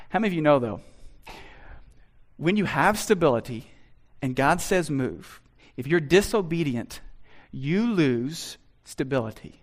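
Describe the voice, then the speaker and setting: A male pastor with a high-pitched voice delivers a sermon in a church. He acts out imagined conversations, swinging from hushed asides to loud, emphatic lines. His delivery is lively and theatrical. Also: slow pace, long pauses.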